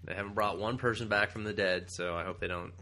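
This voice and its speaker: A young man co-hosting a comics podcast in casual, animated chat, swearing freely and laughing often. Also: lowish voice, fast, slight background noise. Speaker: podcast co-host.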